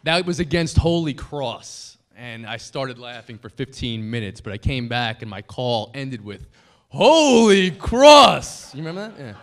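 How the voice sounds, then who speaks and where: A man in his thirties speaks at a banquet podium, trading self-deprecating jokes for a room of colleagues. His pitch sits in an ordinary middle range. Between laughs he turns sincere and grateful. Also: normal speed, few pauses, fairly bright tone. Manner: joking, self-deprecating storyteller; heartfelt, grateful tribute. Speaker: broadcaster giving a dinner speech. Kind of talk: anniversary dinner speech. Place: banquet hall dinner.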